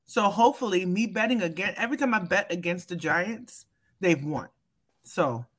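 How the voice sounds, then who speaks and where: A woman co-hosting a casual sports chat, talking loudly and emphatically, laughing often and swearing freely. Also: fairly low pitch, animated, moderate pace. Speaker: podcast co-host.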